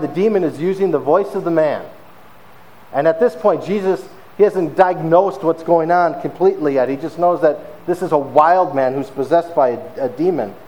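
A man preaching a sermon in a conversational, animated storytelling manner, often pausing with fillers. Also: fairly high pitch, rough recording. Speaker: pastor.

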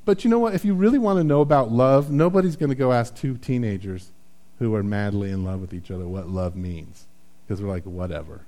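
A man's voice: medium pitch, a little fast, dark tone. A man preaching a sermon in a conversational, self-deprecating way, often checking in with "right?". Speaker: pastor.

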